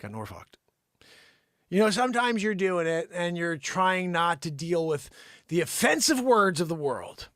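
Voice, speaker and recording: A man hosting a live comedy stream, rambling through an improvised riff that swings between shouted outrage and mumbled asides. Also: sits high, lively intonation, moderate pace, dry recording, clean studio sound. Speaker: comedy livestream host. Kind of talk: unscripted comic riffing.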